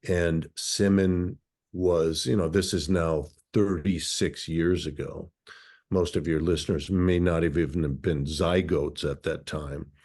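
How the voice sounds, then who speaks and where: A man around sixty from Minnesota, guest in an interview. He recounts his life story in a thoughtful, philosophical way, with a notably deep, low voice. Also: steady tone, slow pace, darkish tone. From Minnesota, USA.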